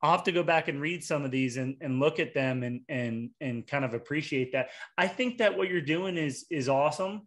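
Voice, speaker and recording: Brief: male interview host, slightly higher voice, rambling and halting, casual. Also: a bit bright. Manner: rambling, halting with repeated restarts.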